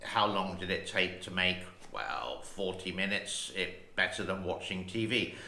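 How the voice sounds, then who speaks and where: Slow and chatty, this sixty-something channel host wanders casually between remarks while reading out headlines. He has a low, expressive voice that turns creaky and sharp. A bit of hiss or hum and a roomy echo are audible.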